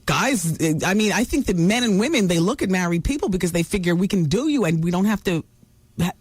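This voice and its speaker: A woman's voice: on the low side, expressive, a little fast, husky, no echo. A woman hosting a talk radio show, dishing celebrity gossip in a brassy, teasing manner.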